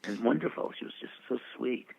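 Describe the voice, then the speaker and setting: A man's voice: medium pitch, brisk, vocal fry, husky. A man in his eighties, a veteran publicist, telling rambling anecdotes with frequent chuckles in an interview. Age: 80s. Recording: tinny phone-like line.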